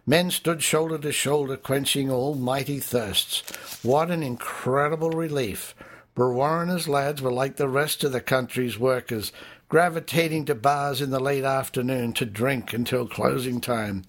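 A man reading a first-person memoir in a measured, wry storytelling manner. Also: mid-range voice. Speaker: audiobook narrator.

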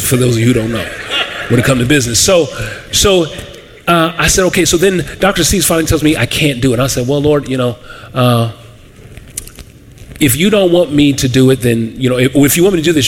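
A man with a fairly high voice, preaching. He tells his story with animated energy and slips into the voices of the people he quotes. Faint noise hangs behind him. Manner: animated, acts out quoted voices, laughs often. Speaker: pastor. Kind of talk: sermon storytelling.

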